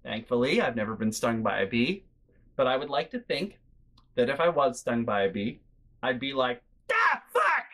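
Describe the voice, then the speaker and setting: A man's voice: medium pitch, lively intonation, normal speed, fairly bright tone. A man hosting a storytelling vlog, chatty and exasperated as he tells a family story. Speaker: host.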